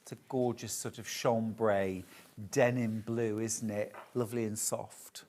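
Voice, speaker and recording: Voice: mid-range voice, steady tone, a little slow, a little mellow. A shopping channel presenter, chatting and gushing over fabrics during a live TV sale.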